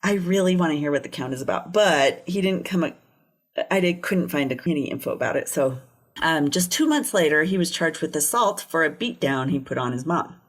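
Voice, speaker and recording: Lower-voiced woman on a true crime podcast, chatty, laughs a lot. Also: expressive, fairly quick. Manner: casual, laughs often while telling the case. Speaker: podcast co-host.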